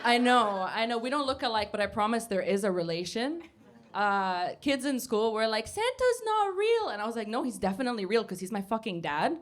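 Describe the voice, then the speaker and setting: A woman's voice: mid-range voice, fairly quick. A woman doing a stand-up comedy set, brash and sarcastic, swearing freely. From United States. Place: basement comedy club before a live audience.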